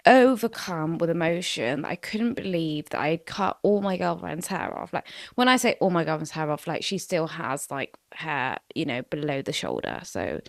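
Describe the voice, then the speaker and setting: Chatty low-voiced woman in her twenties. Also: animated, moderate pace, vocal fry, hardly any pauses, no room sound. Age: 20s. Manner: chatty storytelling, frequent "like" fillers and swearing. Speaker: podcast host. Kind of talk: casual solo podcast chat.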